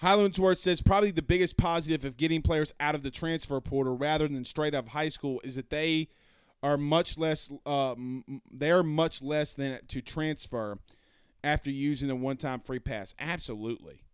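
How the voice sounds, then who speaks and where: A man hosting a sports talk stream, reading viewer comments aloud and answering them in a loud, passionate, blunt way with some swearing. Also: a little high, normal speed, clean tone, no room sound, clean studio sound. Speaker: sports show host. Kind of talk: live-stream chat reading.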